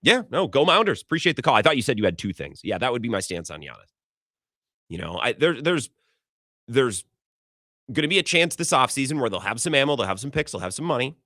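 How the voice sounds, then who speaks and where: A man hosting a call-in sports radio show, talking in an animated, rambling way as his voice swings widely in pitch. His tone is bright and forceful, and the sound is close and dry in the studio. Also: no room sound. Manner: animated, rambling, quick restarts. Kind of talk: casual sports talk radio.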